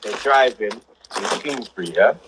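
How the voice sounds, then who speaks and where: A young man, telling a story on a casual livestream with rising excitement and shouts. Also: on the low side, measured pace, background noise. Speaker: livestream co-host.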